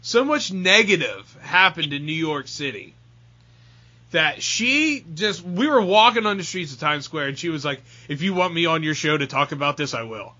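Male podcast host, bright lively voice, excitable storyteller, slightly dull mic. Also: fairly high pitch, moderate pace, dry recording. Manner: animated storyteller, stammers when excited. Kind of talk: casual banter.

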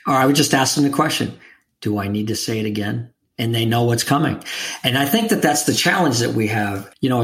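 Guy hosting an interview, mid-pitch, calm and thoughtful, talks leadership stuff. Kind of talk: conversational interview.

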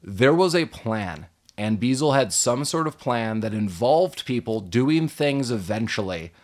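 A man co-hosting a casual movie podcast, recapping scenes with animated retellings, quoting characters and laughing often. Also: medium pitch, measured pace. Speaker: podcast co-host.

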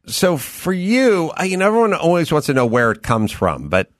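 A man hosting an interview, asking relaxed, reflective questions. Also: fairly high pitch, normal speed, no echo, studio quality. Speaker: podcast host. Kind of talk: casual interview.

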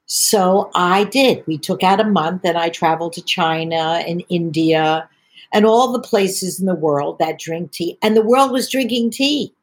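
A woman's voice: fairly low pitch, a little slow. An older woman, a tea entrepreneur, chatting as a podcast guest and telling long rambling stories. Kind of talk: podcast conversation.

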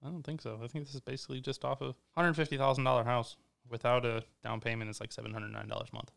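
A laid-back man co-hosts a podcast, reasoning calmly and a little defensively. His mid-pitched voice has a gravelly edge yet stays clear. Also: fast talker. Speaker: podcast co-host. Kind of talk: casual chat.

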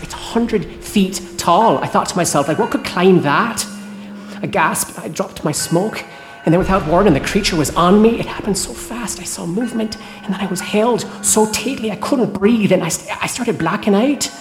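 An actress playing a shaken woman night cleaner in a horror audio drama, talking tensely and haltingly and swearing now and then. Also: on the low side, close to an everyday voice. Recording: roomy with music score behind.

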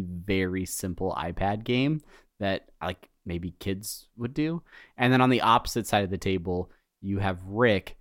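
A man's voice: fairly low pitch, dry recording, studio quality. A man co-hosting a podcast, chatting casually and joking about himself. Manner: rambling, jokey, self-deprecating. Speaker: podcast co-host.

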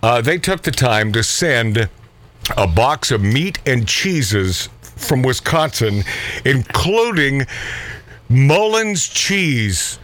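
A middle-aged man hosting a casual talk radio show, his pitch swinging lively up and down. He rambles from one story to the next, laughing often at his own asides. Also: slow, slight background noise.

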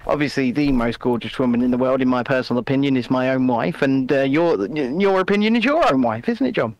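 A man's voice: medium pitch, animated, a little fast, no echo, lo-fi sound. A man co-hosting a casual live stream from a remote video call, chatty and jokey, with frequent restarts. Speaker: co-host.

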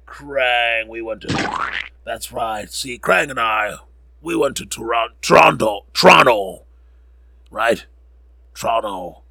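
A man's voice: medium pitch, takes it slowly, gravelly, bright, forceful tone. A man hosting a podcast, rambling through sports scores with jokes and frequent self-corrections. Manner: rambling, joking, corrects himself often. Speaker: podcast host. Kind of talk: casual sports score recap.

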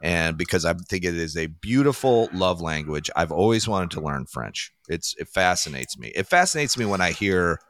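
A man's voice: low voice, very animated, normal speed, hardly any pauses, fairly bright tone. A man hosting a podcast in casual chat, rambling and joking, laughing at his own jokes. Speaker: podcast host.

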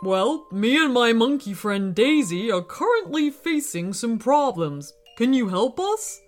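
A woman voicing a huge, calm male gorilla who speaks slowly and a little aloofly in a children's story. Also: a little high, soft background music. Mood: calm, curious.

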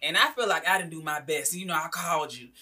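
A woman's voice: low-pitched, quick pace, husky. A woman comedian from Mississippi, telling stories in a casual podcast chat and acting out what people said. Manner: animated storytelling, acts out quotes.

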